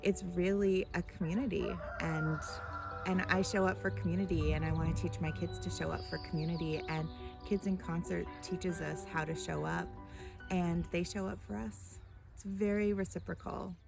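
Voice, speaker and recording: A woman's voice: lowish voice, fairly even intonation, moderate pace. A mother giving an earnest, heartfelt testimonial about a community program. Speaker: parent. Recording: music playing clearly behind.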